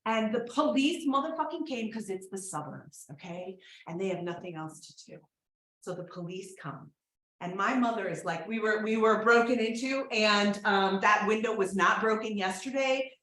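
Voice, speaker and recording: A woman performing a profane, confessional comedic story on a theater stage, swinging between loud bursts and hushed asides. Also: medium pitch, animated, moderate pace, roomy sound, poor audio. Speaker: solo performer.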